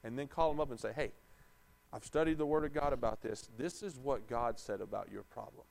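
A man's voice: mid-range voice, fairly quick, gravelly, darkish tone. A man preaching a conversational sermon in a church, asking the congregation rhetorical questions.

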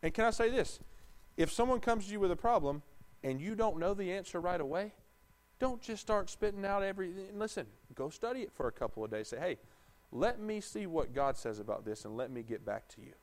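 A man's voice: sits high, big pitch swings, a little fast. A man preaching a conversational sermon in a church, asking the congregation rhetorical questions.

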